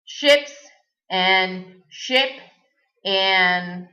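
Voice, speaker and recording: A woman's voice: medium pitch, extremely slow, sharp tone. A native Spanish-speaking woman giving a recorded language lesson, patiently repeating words for the learner. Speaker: Spanish teacher. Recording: dull lo-fi recording.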